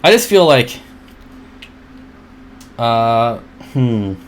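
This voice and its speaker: Male stream host, mid-pitched and casual, chatty and joking, home setup. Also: big pitch swings, drawn-out words, a little hiss or hum. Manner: rambling and chatty, often laughs at his own jokes; reads viewer comments aloud and answers them. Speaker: livestream host. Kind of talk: casual livestream chat.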